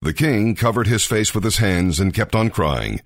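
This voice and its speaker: A man reading scripture aloud in a measured, expressive manner. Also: on the low side, no echo, clean studio sound. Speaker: scripture reader.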